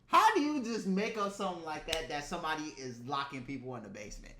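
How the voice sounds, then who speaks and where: A man hosting a reaction video, talking in a blunt, animated, exclaiming way. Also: on the high side, quick pace, a little hiss or hum. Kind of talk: casual reaction commentary. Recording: roomy echo.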